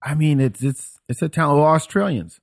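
A man from France with a French accent, hosting a podcast in casual chat, animated and swearing freely, with many restarts. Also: a little high, fairly quick, creaky. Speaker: podcast host.

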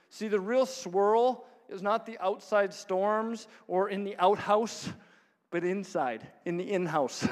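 High-voiced man preaching in reverberant hall. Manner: storytelling, chuckles often, plays out voices of others. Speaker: pastor. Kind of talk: sermon. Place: church hall.

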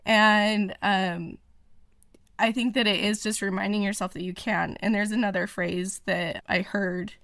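Chatty woman with a creaky voice. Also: medium pitch, fairly even intonation, unhurried, fairly bright tone, no echo, clean studio sound. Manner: chatty, many fillers and restarts. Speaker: podcast guest. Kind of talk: casual interview chat.

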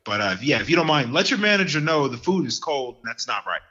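A man telling lively stories in casual podcast chat, getting worked up as he goes. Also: mid-range voice, quick pace, lo-fi sound. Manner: animated storyteller who gets worked up.

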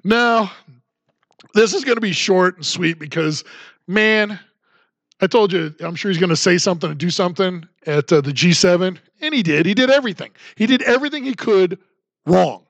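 A man's voice: high voice, moderate pace, a bit bright, no room sound. Sarcastic man hosting a podcast. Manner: sarcastic, mocking. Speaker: podcast host. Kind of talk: political commentary podcast.

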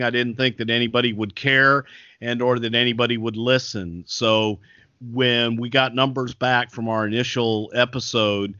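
Brief: older Texan man, bright and forceful, drawling and jokey, dry dull phone-line sound. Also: mid-range voice, dry recording. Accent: Texas. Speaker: podcast host, interview guest. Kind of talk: casual interview over a phone line.

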